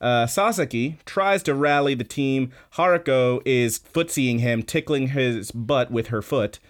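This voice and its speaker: A man's voice: medium pitch, unhurried. A man hosting a podcast, recapping an episode in a casual, rambling way with lots of fillers and restarts. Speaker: podcast host.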